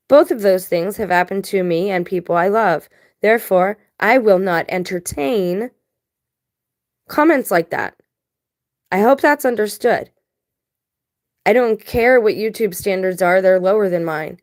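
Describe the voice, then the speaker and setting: A woman's voice: mid-range voice, animated, moderate pace. Blunt, emphatic woman vlogger. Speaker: video blogger. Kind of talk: casual commentary to camera.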